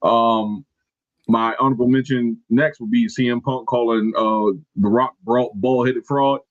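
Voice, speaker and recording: A man's voice: medium pitch, fairly even intonation, unhurried, dry recording. A man co-hosting a wrestling podcast, talking in a laid-back, slangy way and sometimes hunting for a name. His voice sits mid-range, recorded dry. The sound is slightly dull and lo-fi. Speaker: podcast co-host. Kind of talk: casual wrestling podcast chat.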